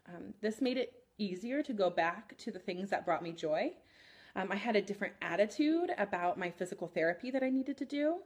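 A woman therapist in her thirties hosting a podcast, speaking gently and candidly about her own experience, with frequent pauses and "um" fillers. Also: medium pitch. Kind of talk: reflective personal talk.

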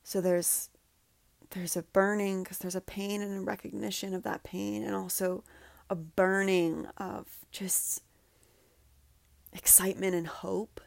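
Female podcast host, earnest and heartfelt, slightly low gravelly voice, dry close sound. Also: level tone, unhurried, no echo. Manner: earnest, heartfelt, says "like" often; drops to soft, breathy guidance during a breathing exercise. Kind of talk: emotional solo podcast talk.

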